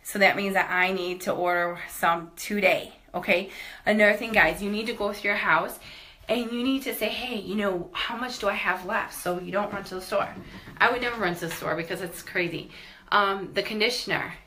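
A woman's voice: medium pitch, a little fast, pushed and bright. Upbeat woman chatting on a house tour. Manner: upbeat, chatty, says "okay?" and "guys" often. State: out of breath. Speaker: vlogger giving a house tour. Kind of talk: casual product tour talking to camera. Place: inside a house, walking from room to room.

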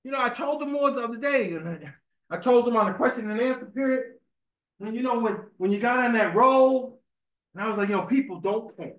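At a temple meeting, a man with a very high, slightly bright voice talks a little fast. His sermon is informal and conversational, built on personal stories, with repeated words and frequent "right?" to the listeners, all in an echoey room.

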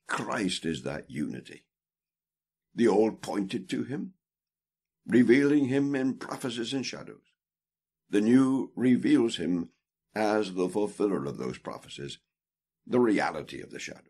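Husky low-voiced man reading aloud. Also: a little mellow. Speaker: audiobook reader. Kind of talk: reading a theology book aloud.

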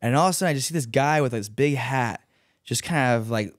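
A professional dancer appears as a podcast guest, telling stories in a casual chat. He is animated and a little fast, acting out quotes in high voices and using many fillers. The sound is dry, with no echo.

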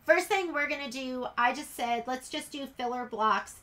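Bright, high-voiced chatty sewing teacher. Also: female voice, moderate pace. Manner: chatty and rambling, talks to her dogs. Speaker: sewing instructor. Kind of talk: casual sew-along tutorial. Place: sewing room.

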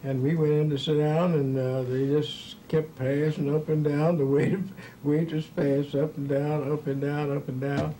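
A man's voice: a little high, flat delivery, normal speed, mellow, a little hiss or hum, low-quality recording. An older man, a former ballplayer, telling stories from his career in a folksy, rambling way, chuckling as he goes. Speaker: former baseball player. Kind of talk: storytelling in an interview.

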